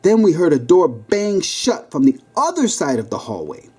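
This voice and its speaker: Man narrating his own memoir, mellow voice. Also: on the high side, wildly swooping pitch, normal speed, husky. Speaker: memoir reader. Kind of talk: audiobook narration.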